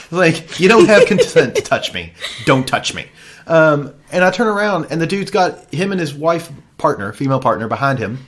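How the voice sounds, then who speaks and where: Animated man, lively pitch. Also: moderate pace. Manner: lively, swears often, animated storytelling. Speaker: podcast co-host. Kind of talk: casual chat.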